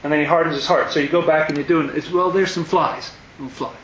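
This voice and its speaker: A man leads a scripture class in a roomy, echoing room, his voice a touch higher than most men's. He thinks aloud, questioning and emphatic, often restarting his sentences. The recording is dull and muffled with faint hiss behind him. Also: steady tone, fast talker, fairly bright tone. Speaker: Bible study teacher.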